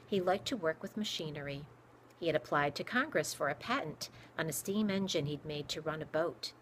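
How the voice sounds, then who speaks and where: Low-voiced woman reading a story aloud. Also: slight background noise. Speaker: narrator. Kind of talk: audiobook reading for children.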